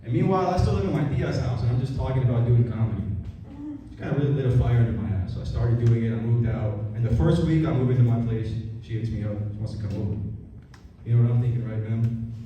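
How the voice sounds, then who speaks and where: A man's voice: mid-range voice, fast, dull audio. A young man performing a stand-up comedy set, telling stories casually and with lots of swearing. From Mexican heritage. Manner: profane, conversational storytelling. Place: comedy club stage with a laughing crowd. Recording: echoey, distant, noisy club recording.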